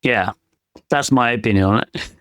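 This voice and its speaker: A man's voice: on the low side, normal speed, fairly bright tone, dry recording, studio quality. A man co-hosting a podcast in casual chat, giving his opinions as he thinks them through. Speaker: podcast co-host; penetration tester.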